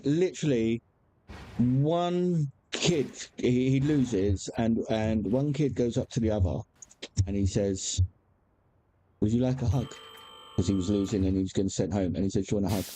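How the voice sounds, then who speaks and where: A man's voice: mid-range voice, mellow, a little hiss or hum. A man, chatting candidly as a game streamer, rambling with frequent restarts and casual swearing. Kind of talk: casual chat while gaming.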